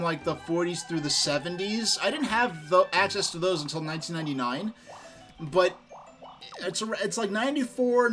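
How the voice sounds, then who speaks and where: A man's voice: high voice, a bit bright. A man from New York streaming a game, chatting casually and telling rambling, enthusiastic stories. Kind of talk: casual gaming stream chat.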